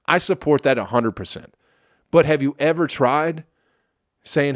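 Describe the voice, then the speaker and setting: A man's voice: a little high, a little slow, no echo, clean studio sound. A male comedian from Michigan hosting his podcast in a casual, sarcastic monologue, swearing often and laughing at his own jokes. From Flint, Michigan.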